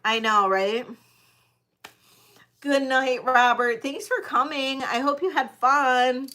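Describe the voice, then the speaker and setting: A woman's voice: high-pitched, slow, pushed and bright. A woman hosting a live-stream vintage jewelry sale, chatting directly with her viewers. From Detroit area, United States. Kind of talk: live-stream auction chat.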